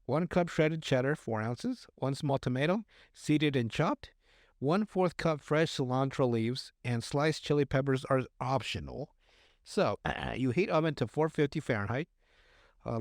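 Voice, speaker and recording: In a clean studio recording with no echo, a man of medium pitch co-hosts a podcast. He reads recipes out loud in a relaxed chat, tripping over his words and making crude jokes.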